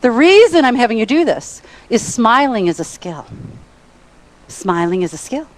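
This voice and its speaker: A middle-aged woman speaker running a motivational seminar in a conference hall. Her voice sits somewhat high, and she talks in a bossy, playful way. She keeps pushing the audience to turn to each other and answer her. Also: very animated, moderate pace. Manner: bossy, playful, drives audience call-and-response. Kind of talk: energetic seminar talk to a live audience.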